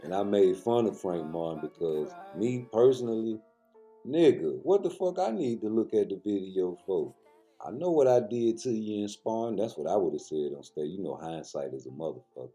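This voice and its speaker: A man riffs through casual, profane boxing commentary and talks straight to his audience. His voice is deep and very dark, yet his pitch swings a lot as he jokes. Faint music plays behind him. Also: expressive, normal speed. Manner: loose, joking, talks straight to viewers.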